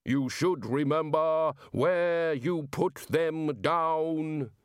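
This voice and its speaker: A man voicing a cheerful male gatekeeper making drawn-out, jolly ceremonial calls. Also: fairly high pitch, clear, resonant tone, no room sound, clean studio sound, pitched above the performer's own voice. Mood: cheery.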